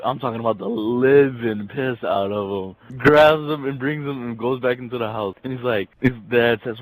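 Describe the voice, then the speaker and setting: A man's voice: medium pitch, normal speed, few pauses, rough recording. A young man casually telling crude jokes, rambling and laughing at his own punchlines. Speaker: joke teller.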